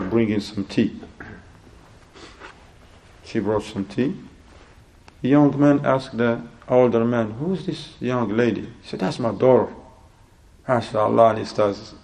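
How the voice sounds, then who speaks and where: A man giving a religious sermon in English, telling a story and acting out both sides of a conversation in a lively, rising voice. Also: medium pitch, vocal fry. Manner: acts out dialogue in an animated, rising voice; non-native English with Arabic religious terms. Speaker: Islamic preacher.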